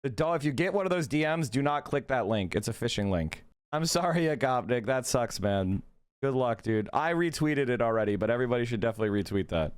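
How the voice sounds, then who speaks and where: A man's voice: medium pitch, lively intonation, a little fast, smooth. A man hosting a casual livestream, mocking and swearing as he reacts to chat. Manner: profane, mocking, reads chat aloud. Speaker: livestream host. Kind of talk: casual political livestream commentary.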